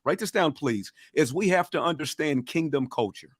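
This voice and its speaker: A man's voice: on the high side, lively intonation, moderate pace, dry recording, studio quality. A man with a Southern accent, coaching a livestream audience in a fired-up, preacher-like way and urging them to respond. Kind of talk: motivational teaching on a livestream.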